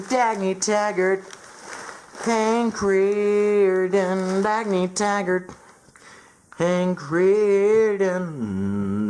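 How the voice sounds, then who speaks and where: A woman's voice: fairly low pitch, a little mellow. A woman giving a dramatic, overblown mock trailer narration.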